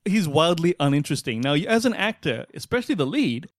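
A man co-hosting a film review podcast in casual chat, opinionated and animated, laughing often. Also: a little high, a little fast, no echo, clean studio sound.

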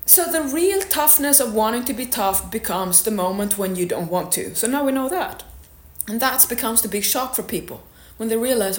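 Woman fitness coach, motivational monologue, frank and blunt, slightly high voice, echoey room. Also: expressive, moderate pace. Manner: blunt, candid, swears now and then.

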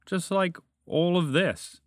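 A man voicing a calm, matter-of-fact orange dragon with a gentle, shrugging manner in a storybook reading. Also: high voice, slow pace, no room sound, clean studio sound, voice pushed up. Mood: wry.

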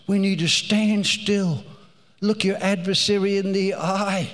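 A man's voice: sits high, fairly even intonation, slow, long reverb tail. A man preaching a sermon, telling stories with animation and repeating phrases for emphasis.

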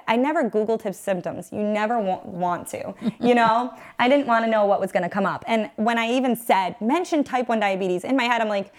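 A woman's voice: fairly high pitch, a little fast, few pauses. Earnest woman, 30s, emotional testimony-style storytelling in an interview. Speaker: guest, mother.

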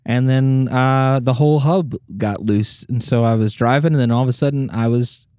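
A man's voice: medium pitch, moderate pace, darkish tone, clear, resonant tone, no room sound, clean studio sound. A man co-hosting a podcast in casual chat, joking around and sometimes slipping into silly voices. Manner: jokey, playful, breaks into silly voices. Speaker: podcast co-host.

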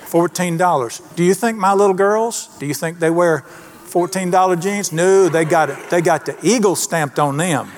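With a high-pitched voice at normal speed, a middle-aged man delivers a sermon as pastor, folksy and emphatic, asking his congregation questions along the way.

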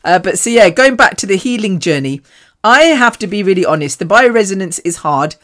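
A woman's voice: mid-range voice, expressive, a little fast, a bit bright. A British woman hosting her own podcast, talking to listeners in a candid, rambling, self-mocking way with casual swearing. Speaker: podcast host. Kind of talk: candid solo podcast monologue.

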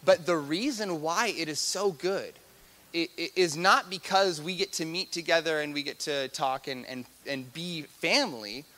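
A man preaching a sermon, animated and repetitive, swinging between loud emphatic passages and hushed, soft-spoken stretches. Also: a little high, normal speed.

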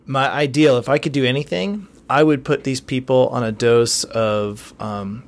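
A man's voice: mid-range voice, moderate pace. A man, an emergency physician, talking frankly about treatment in a casual medical podcast. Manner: frank, matter-of-fact clinical teaching.

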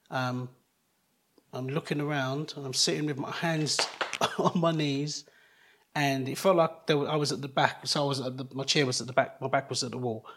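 Speaking as a guest in an interview, this middle-aged man shares something personal in an earnest, stop-and-start manner full of restarts. His pitch sits in the middle and sounds a bit bright.

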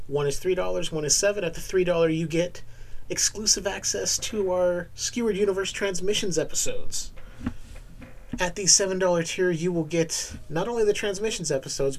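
A man hosting a podcast, chatting loosely, laughing often, then reading off the show's links and plugs in a steady run. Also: fairly high pitch, low-quality recording. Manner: relaxed, laughs often, lists links in a steady promo read. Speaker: podcast host. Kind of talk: casual chat and show outro.

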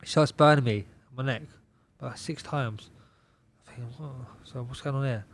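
A young man, a pro boxer guesting on a podcast, telling a story in an animated, repetitive way, swearing constantly and laughing often. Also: medium pitch, normal speed, slight background noise. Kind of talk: casual storytelling chat.

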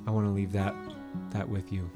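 A man's voice: lowish voice, brisk, music in the background. Guy cohosting a faith podcast, easygoing, tells the story with lots of little voices. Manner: animated storytelling, acts out quoted voices. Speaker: podcast co-host. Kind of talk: casual faith-based chat.

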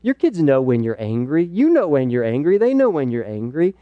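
A man's voice: medium pitch, huge pitch swings, fairly quick, dry recording, phone-quality sound. A middle-aged man teaching at a church parenting night, earnest and conversational with playful asides. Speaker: pastor speaking at a parenting night.

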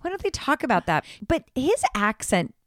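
A woman's voice: sits high, sing-song, normal speed, dry recording, studio quality. A woman co-hosting a podcast, chatting casually about a reality show in a blunt, emphatic way with some swearing. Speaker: podcast co-host.

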